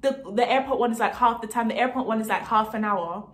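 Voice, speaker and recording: Animated, indignant young woman storyteller. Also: on the high side, fast. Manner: indignant, animated, swears freely. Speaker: vlogger telling a story. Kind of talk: casual storytime monologue. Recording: roomy echo.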